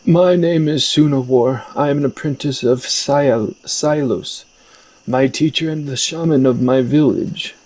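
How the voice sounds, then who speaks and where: Man reading earnest young apprentice shaman, husky, slow, plain. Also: mid-range voice, a little mellow, voice pushed up, low-quality recording.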